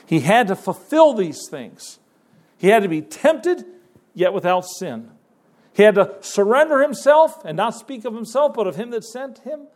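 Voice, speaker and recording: A man delivers a sermon in an easygoing, conversational way. He often restarts his phrases and then lifts into sudden emphatic rises. His voice sits a little higher than most men's. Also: very animated, measured pace, a little mellow. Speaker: preacher.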